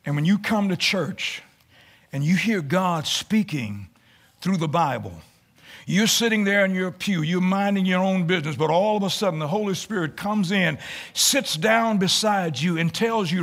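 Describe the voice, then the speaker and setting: A male preacher delivers a sermon in church with a high, bright voice. His pitch swings widely as he repeats phrases and climbs into shouted lines. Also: animated, moderate pace.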